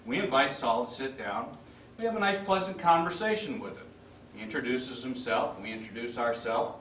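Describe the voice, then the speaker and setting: A man's voice: mid-range voice, slight background noise. Roomy far-off man telling a story. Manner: lively storyteller acting out quotes. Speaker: club speaker. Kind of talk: storytelling speech. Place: club meeting room. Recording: roomy, distant, dull lo-fi.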